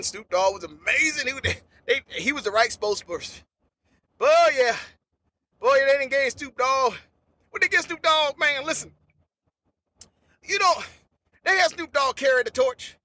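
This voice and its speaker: Comic host man, very high and sharp voice, loose rambling slang riffs. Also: dry recording. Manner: rambling, repetitive slangy storytelling. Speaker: podcast host. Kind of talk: unedited comedic monologue.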